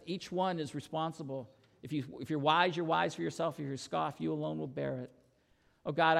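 Gravelly preacher in a reverberant church. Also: male voice, on the high side. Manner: earnest, storytelling preacher. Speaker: pastor. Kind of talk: sermon. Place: church sanctuary. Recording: long reverb in church hall.

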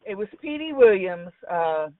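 A woman's voice: medium pitch, big pitch swings, moderate pace, background noise. A woman calling in to talk wrestling, blunt and opinionated, swearing freely. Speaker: call-in wrestling commentator. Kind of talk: casual call-in chat. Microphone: phone call. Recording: tinny phone line, far from mic.

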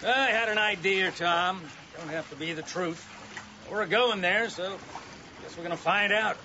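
A folksy Oklahoma ex-preacher who muses and drawls through his thoughts. His voice is high and bright, heard through a dull old film soundtrack with faint hiss. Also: measured pace, exaggerated voice. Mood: musing. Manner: drawling, musing.

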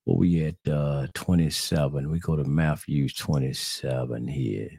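A very low-voiced man, his voice gravelly with fry, preaches to his online audience. He keeps circling back with repeated rhetorical questions and calls them brothers and sisters. The sound is close and dry. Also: steady tone, unhurried, mellow, no room sound. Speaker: religious podcast host. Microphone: screen-sharing computer setup.

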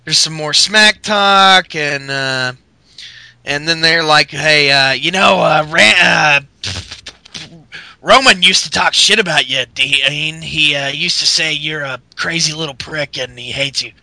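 A man's voice: on the high side, a little slow, gravelly, sharp tone, dry recording, rough recording. A man co-hosting a podcast, rambling through a wrestling recap in casual, profane chat. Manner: rambling storyteller acting out quotes, profane. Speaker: podcast co-host.

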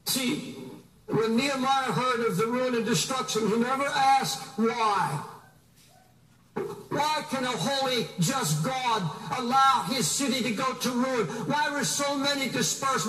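A man's voice: very high-pitched, pushed and bright. A man preaching a fiery sermon, pressing his listeners with question after question. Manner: impassioned, rhetorical questioning. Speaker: minister. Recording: roomy, mic at a distance.

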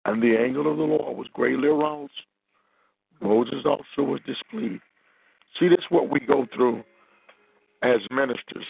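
A man's voice: medium pitch, a little slow, vocal fry, pauses often, husky, dry recording. A man preaching as a minister, reading and expounding scripture over a phone line.

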